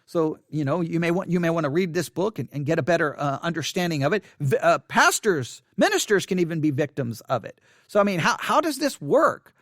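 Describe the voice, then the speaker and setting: A man reading from an article and commenting on it in an earnest way, often halting and restarting his sentences. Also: on the high side, sing-song, fairly bright tone, dry recording, clean studio sound. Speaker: Christian commentator.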